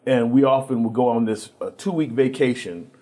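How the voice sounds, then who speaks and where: A man, a guest on a TV interview show, telling family stories in a relaxed way and acting out the people he quotes, with frequent restarts. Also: mid-range voice, normal speed. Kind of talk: storytelling in a TV interview.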